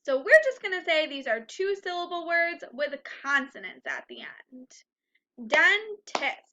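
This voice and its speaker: A woman teaching a first grade phonics lesson, speaking slowly and clearly and clapping out the syllables of words. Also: very high voice, very animated, bright, forceful tone, highs cut off, slight background noise.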